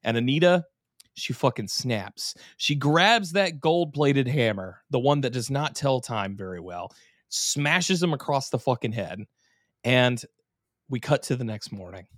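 A man's voice: mid-range voice, lively intonation, unhurried, a bit bright, no room sound, clean studio sound. A man co-hosting a casual podcast, animatedly recapping an episode with swearing and silly voices. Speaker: podcast co-host.

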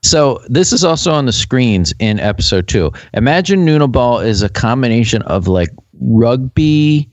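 A man's voice: medium pitch, moderate pace, hardly any pauses, no room sound. A man hosting a casual podcast chat, laughing as he tells a story. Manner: animated, laughing storyteller explaining lore. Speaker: podcast host.

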